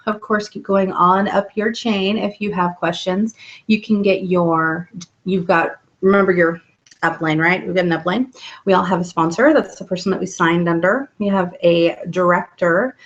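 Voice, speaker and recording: Chatty woman on a lo-fi webcam. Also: medium pitch. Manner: chatty and upbeat, with many ums. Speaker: host of a weekly live video hangout. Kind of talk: casual live webcam talk. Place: home at night. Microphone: laptop webcam mic.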